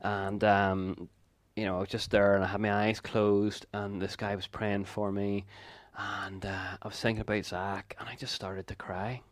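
An earnest preacher in his fifties with a somewhat low voice, telling a personal story with asides and quick laughs. The sound is dry and close, with no room around him. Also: little pitch movement, no room sound.

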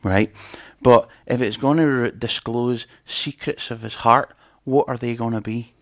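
A man's voice: mid-range voice, steady tone, measured pace, dry recording. A man preaching in a conversational teaching style, chatting and putting questions to his audience.

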